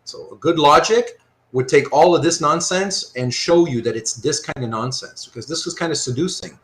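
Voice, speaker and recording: Male philosophy lecturer, online class, bright edge, lively and thinking aloud. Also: a little high, normal speed. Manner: animated, thinks aloud with frequent rhetorical checks.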